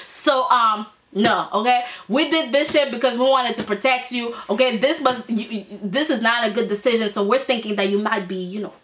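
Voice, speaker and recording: A woman with a high, bright voice gives a casual video review, talking right to her viewers. She is animated and profane, and she often checks in with a quick "okay?". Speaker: soap opera reviewer.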